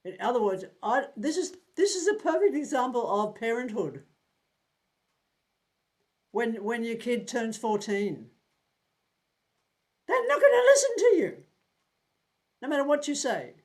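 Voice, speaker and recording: A man's voice: very high-pitched, very animated, a little slow. A man in his seventies teaching a tarot group in a casual, blunt way, swearing freely and repeating words while he thinks. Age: 70s.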